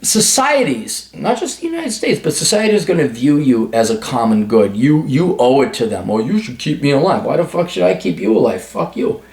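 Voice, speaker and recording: A man's voice: medium pitch, sing-song, normal speed, creaky, hardly any pauses, a little mellow, reverberant. A man hosting an advice video, giving blunt, profane, sarcastic answers in a ranting monologue. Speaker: advice show host.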